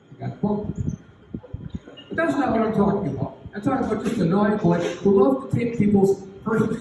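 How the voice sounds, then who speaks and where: A man's voice: a little high, noisy background. Older man telling a folksy tale, echoey hall. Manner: folksy, animated storytelling with chuckles. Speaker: retired English teacher. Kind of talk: anecdote at a class reunion. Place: reunion hall. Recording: echoey hall recorded from far off.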